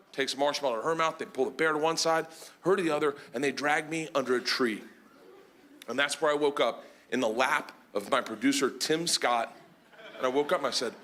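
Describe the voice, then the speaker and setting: Man, stand-up comic, high voice, loud and animated, shouty punchlines, live club mic, audience noise clear behind. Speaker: stand-up comedian. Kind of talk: stand-up storytelling. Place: comedy club stage before a laughing audience.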